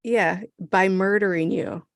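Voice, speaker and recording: Gravelly-voiced woman in her thirties chatting. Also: mid-range voice, steady tone, no room sound, clean studio sound. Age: 30s. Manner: chatty, reactive, quick to interject. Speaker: podcast co-host. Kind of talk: casual episode recap chat.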